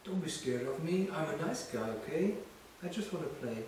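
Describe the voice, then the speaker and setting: A man, a ghost hunter, coaxing and patient as he speaks softly to an unseen presence inside an old castle. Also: fairly high pitch, animated, normal speed, recorded from a distance. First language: German. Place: old stone castle interior. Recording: very echoey stone room, off-mic, light hiss.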